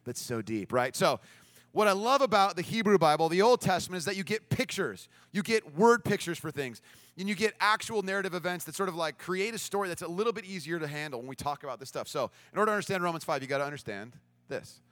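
A man preaching a sermon as pastor, telling a story in an animated way and acting out the voices of the people in it. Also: high voice, fast talker, no echo.

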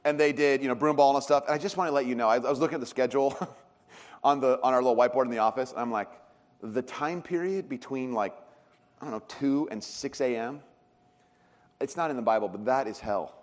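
A man preaching a sermon as a pastor, telling stories with animated swings in pitch and loudness. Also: brisk. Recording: long reverb of a large hall.

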